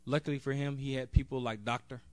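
A man's voice: medium pitch, fairly even intonation, quick pace, no echo. A man, a national board member, giving an earnest, direct convention speech off the cuff, with a few restarts. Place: convention hall.

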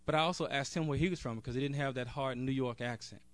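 A man who sits on a national board gives an earnest, direct, off-the-cuff speech in a convention hall, restarting a few times. His voice is medium-pitched and he talks fast.

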